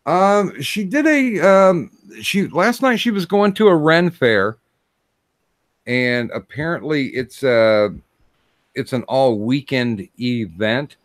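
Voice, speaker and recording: A man hosting a casual livestream chat, talking in a halting way with many fillers and restarts. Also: medium pitch, animated, no echo, studio quality. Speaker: stream host.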